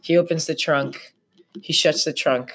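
A woman's voice: sits low, steady tone, measured pace, a bit bright, slight background noise. A young woman in casual podcast chat, telling a rambling story with lots of fillers.

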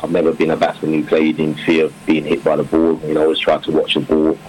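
A rumbling low, monotone man talks quickly, with slight background noise on a low-quality recording. The cricketer-turned-coach rambles through interview questions, full of fillers and restarts, breaking into warm laughter.

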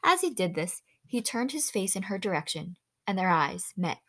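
A woman reads a children's novel aloud with lively expression and an average-pitched voice. She stops here and there to explain a word to her listener in a quick aside, and fixes small slips without fuss. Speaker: read-aloud storyteller.

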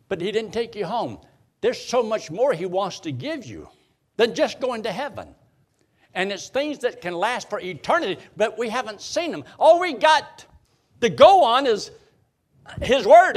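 Animated preacher man with lively pitch. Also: slightly rough. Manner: repeats phrases for emphasis; quotes scripture in old-style wording. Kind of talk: sermon.

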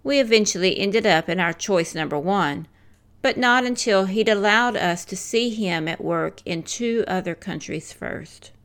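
An older woman reading a devotional in a slow, measured, earnest way, as a missionary speaker. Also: mid-range voice, fairly bright tone.

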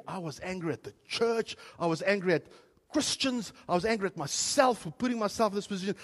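A pastor from South Africa preaches to his church, his voice sitting a little higher than most men's. He tells his story in waves, dropping soft and quiet and then rising loud with feeling. The sound carries the long reverb of a church hall. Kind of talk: sermon.

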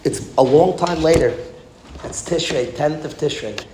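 A man preaching a storytelling sermon, driving home points with repetition and sudden rises in force. The recording is roomy and echoing, with a steady hiss of noise underneath. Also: on the high side, unhurried. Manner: emphatic, repetitive, swings from hushed to loud. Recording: echoey room with background noise.

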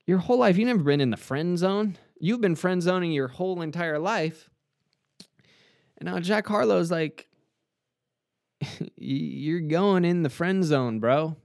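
A man's voice: fairly high pitch, no echo, studio quality. A man giving casual, joking reaction commentary on a track, laughing often and mocking lines in a raised voice. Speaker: host reacting to a music track.

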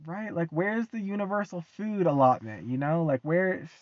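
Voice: mid-range voice, normal speed. A young American vlogger rants casually to the camera, swearing freely, repeating lines and breaking into frequent laughter. The recording sounds muffled and lo-fi, with a close, dry sound and no room echo. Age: young adult. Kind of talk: casual ranting monologue.

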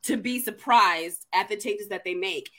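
A woman co-hosting a casual chat, telling stories in a lively way with playful mock grievance. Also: medium pitch, a little slow, slight background noise. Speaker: co-host.

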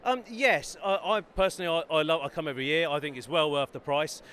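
A man's voice: on the high side, fast, a bit bright, slight background noise. A man from Bedford, an author, talking chattily and eagerly about his books in an interview at a busy fair. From Bedford, England. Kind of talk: enthusiastic self-promoting interview. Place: busy trade fair hall.

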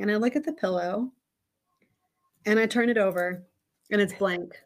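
A woman's voice: medium pitch, moderate pace, pauses often. A woman in her thirties, a podcast guest, telling a candid, reflective story about parenting in a casual interview.

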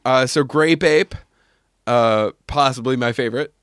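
A man's voice: medium pitch, a little slow, a bit bright, clean tone, dry recording, clean studio sound. A young man hosting a podcast, chatting casually, rambling a bit and laughing often as he tells stories. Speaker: podcast host. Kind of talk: casual chat.

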